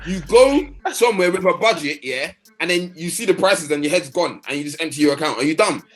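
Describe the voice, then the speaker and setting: A man's voice: fairly high pitch, a little fast. A young man ranting about football, fired up and swearing, firing off rhetorical questions. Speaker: co-host. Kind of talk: heated casual football rant.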